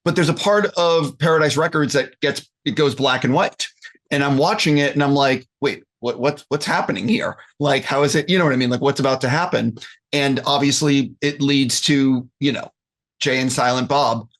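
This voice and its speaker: A man's voice: mid-range voice, moderate pace, fairly bright tone. A man interviewing a film director, rambling into his questions with lots of fillers.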